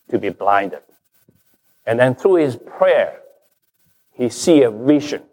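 A man preaching a sermon as pastor, slow and emphatic, his stresses rising and falling. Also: mid-range voice, a little mellow. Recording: long reverb of a large hall.

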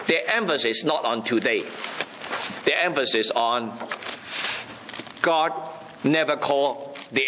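A man's voice: mid-range voice, lo-fi sound, background noise. A man preaching a Bible teaching sermon, emphatic and repetitive, often checking that listeners understand.

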